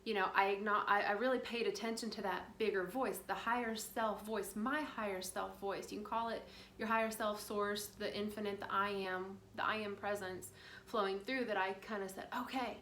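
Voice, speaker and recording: A woman's voice: medium pitch, fairly even intonation, moderate pace, fairly bright tone. A woman giving a casual spiritual talk, chatty and rambling, full of fillers. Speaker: spiritual guide. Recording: roomy with faint background noise.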